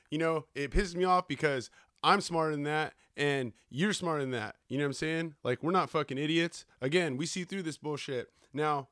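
A man's voice: fairly high pitch, a bit bright, smooth, no room sound, clean studio sound. A man hosting a podcast, ranting in a profane, sarcastic way full of slang. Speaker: podcast host. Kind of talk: profane rant.

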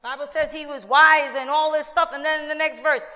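A woman pastor preaching a lively sermon, acting out quoted voices with asides to the congregation. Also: high voice, brisk, big-room sound.

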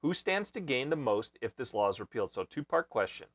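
A man's voice: mid-range voice, big pitch swings, brisk, a bit bright, no echo. Guy hosting a podcast, plays devil's advocate, dry close mic. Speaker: host. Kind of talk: podcast panel discussion.

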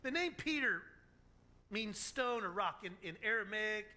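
A man preaching a sermon as a pastor, telling stories in an animated, joking way. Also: high-pitched, measured pace.

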